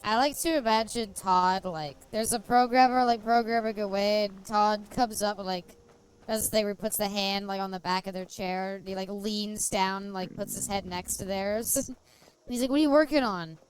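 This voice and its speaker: A woman's voice: mid-range voice, fairly even intonation, normal speed, clean tone. Giggly woman rambling over gameplay. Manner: rambling, giggly, jokey storytelling. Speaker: streamer playing a game. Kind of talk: casual gameplay commentary.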